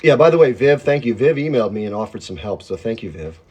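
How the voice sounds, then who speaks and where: A man's voice: medium pitch, animated, quick pace, darkish tone, breathy edge, dull audio. A man hosting a casual livestream from home, rambling and greeting viewers by name as their comments come in. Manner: self-described hyped-up talker. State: chewing while talking. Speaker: livestream host. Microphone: phone.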